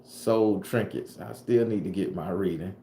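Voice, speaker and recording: A man's voice: deep voice, measured pace, gravelly, mellow, a little hiss or hum. A man from southern Florida with a Southern US accent, a tarot reader and channel host talking casually on a livestream. He answers live chat comments in loose, profane slang. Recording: echoey room.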